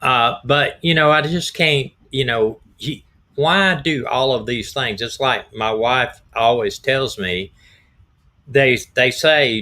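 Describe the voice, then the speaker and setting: A middle-aged man, slightly hoarse, hosting a rambling, folksy live stream as a retired detective. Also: medium pitch, slow, pushed and bright. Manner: folksy, rambling, repeats himself. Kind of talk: casual live-stream talk.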